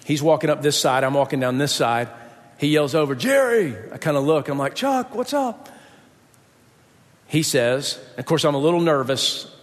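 A man's voice: medium pitch, fairly even intonation, brisk, hardly any pauses, in a large hall. A man preaching a sermon, telling a personal story and acting out the voices of the people in it. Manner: storytelling, acts out quoted voices.

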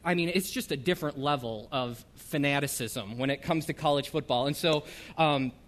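A middle-aged man gives a loose, joking church talk from the front of a church hall. His voice sits a little high for a man, and he fills his pauses with ums and uhs, poking fun at himself as he goes. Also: a bit bright. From northern United States. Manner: chatty, self-deprecating, many ums and uhs. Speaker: ministry coordinator and missionary.

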